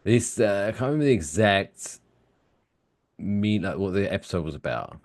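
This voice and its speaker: A man with a lowish voice talks at a moderate pace while co-hosting a podcast. In a casual, animated chat, he retells favorite cartoon scenes and quotes the lines in funny put-on voices.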